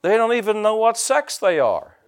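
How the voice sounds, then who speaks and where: A man's voice: high-pitched, sing-song, moderate pace. Folksy older man preaching. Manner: folksy and joking, with loud calls to the congregation. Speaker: pastor. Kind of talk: sermon.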